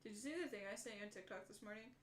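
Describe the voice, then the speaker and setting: A woman's voice: medium pitch, rapid-fire, reverberant, slight background noise. A young woman chatting casually during a stream, chiming in with teasing jokes and questions. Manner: joking, teasing interjections. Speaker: stream co-host. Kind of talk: casual chat while model building.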